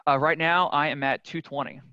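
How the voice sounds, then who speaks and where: A man's voice: a little high, steady tone, a little fast, bright, forceful tone, no echo. A man speaking as a podcast guest, telling his own story in a frank, earnest, confessional way. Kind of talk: casual interview storytelling. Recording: dull lo-fi dry sound.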